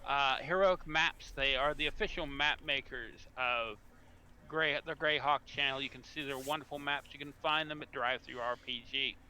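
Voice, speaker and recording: Bright-voiced man hosting as game master. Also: medium pitch, moderate pace, a little hiss or hum. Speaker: dungeon master. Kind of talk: casual live-stream game hosting.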